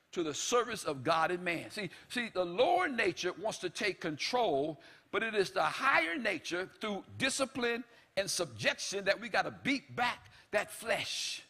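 Male preacher, high bright husky voice, emphatic and shouting, repeats phrases, speaks God's lines in dialogue. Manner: emphatic, repetitive, often shouting. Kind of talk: sermon.

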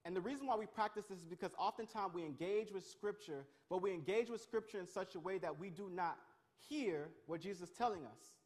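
High-voiced energetic male preacher. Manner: energetic, calls on the crowd, quick restarts. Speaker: youth pastor. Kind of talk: interactive Bible lesson.

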